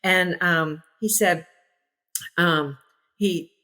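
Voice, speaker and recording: Woman, 60s, former pilot, lowish voice, casual anecdotes, acts out quotes, laughs easily. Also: steady tone, extremely slow, pushed and bright. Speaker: former naval aviator, interview guest.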